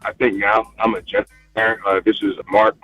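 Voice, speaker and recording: A man from Tennessee calling into a radio show, speaking in a measured, reflective way. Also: lowish voice, level tone, sharp tone, slightly rough, no room sound, soft background music. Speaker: caller. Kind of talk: radio call-in. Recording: dull, dry call-in line.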